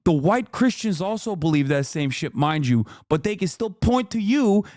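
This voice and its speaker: A man's voice: high-pitched, sing-song, moderate pace, a little mellow, no echo, clean studio sound. A man streaming a reaction, ranting angrily and profanely with mocking impressions. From Turkey. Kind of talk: profane heated commentary.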